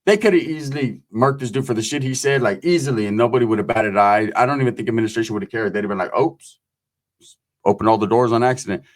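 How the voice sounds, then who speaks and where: A man spins a prison story in rough, profane street slang, dropping into the voices of the people in it. His pitch sits at a medium level for a man. He talks in a casual, storytelling way. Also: quick pace. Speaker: host telling prison stories.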